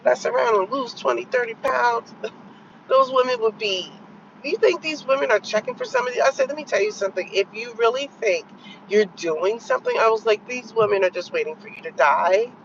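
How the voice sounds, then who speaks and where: A woman's voice: brisk, creaky, highs cut off, slight background noise. A woman vlogging her opinions, telling a story in a blunt, exasperated way and acting out her own retorts. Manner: animated storytelling, quoting her own retorts with sharp pitch jumps. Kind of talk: opinionated commentary vlog.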